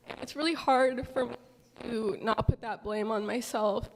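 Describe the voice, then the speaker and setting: A young woman from Southern California gives an emotional public testimony, her voice pitched a little high and her speech halting and apologetic as tears come through. The sound rings with the long reverb of a large hall. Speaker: farm manager sharing a personal story. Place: large hall at a community gathering.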